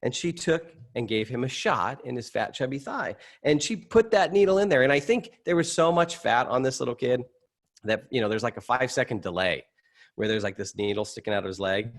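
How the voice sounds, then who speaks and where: A middle-aged man teaching a session to an audience, telling a personal story in a lively, conversational way and jumping up in pitch at dramatic moments. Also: fairly quick. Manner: animated storytelling, conversational, rising excitement at high points. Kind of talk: anecdotal teaching talk to an audience.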